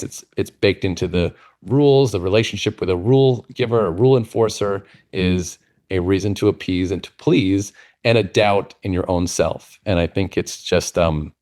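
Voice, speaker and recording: Male guest author, lowish voice, earnest, reflective storyteller. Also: darkish tone. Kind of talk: casual conversation, storytelling.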